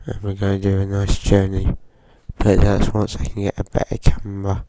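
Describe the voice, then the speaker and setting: A man with a groggy voice from a cold, giving slow, hesitant casual commentary while playing a driving game. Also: deep voice, completely flat delivery, dark tone, no echo. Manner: slow, hesitant, with frequent fillers. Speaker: gaming channel host.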